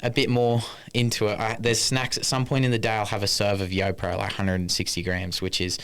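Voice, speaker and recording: Male podcast co-host, casual and rambling, deep smooth voice. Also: level tone, a little fast, fairly bright tone. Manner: rambling, swears casually, lists numbers. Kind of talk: casual chat.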